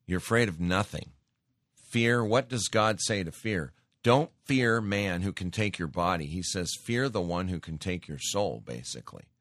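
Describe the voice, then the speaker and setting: A man's voice: deep voice, lively intonation, moderate pace, fairly bright tone, no room sound, clean studio sound. A man preaching a sermon, reading scripture aloud and exhorting his listeners in an emphatic, direct way.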